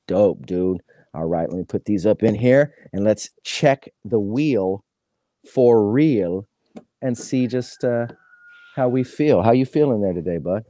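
A man's voice: lowish voice, lively intonation, unhurried, dark tone, dry recording, studio quality. Laid-back slangy man hosting a stream. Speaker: host of a live card box break. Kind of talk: casual live-stream chat.

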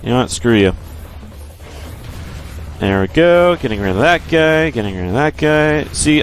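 A man's voice: on the low side, a little hiss or hum. A man giving joking, profane commentary while playing a video game, repeating his jokes. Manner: goofy, profane, repetitive. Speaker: let's play host.

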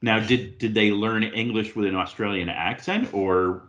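A man's voice: on the low side, normal speed, lo-fi sound. A man from the United States, a guest author on a podcast, joking and telling stories in casual chat. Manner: joking, animated storyteller.

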